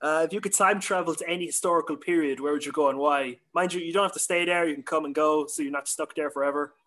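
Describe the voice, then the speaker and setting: Male host, casual chat, loose and profane, slightly raised pitch. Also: steady tone, fast, fairly bright tone. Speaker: podcast host. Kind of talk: casual podcast interview.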